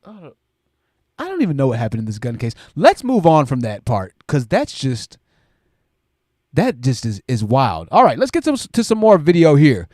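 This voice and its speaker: A man hosting a live stream, reading viewer super chats aloud and commenting in an animated, exclaiming way while he thinks aloud. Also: medium pitch, normal speed, dry recording, clean studio sound.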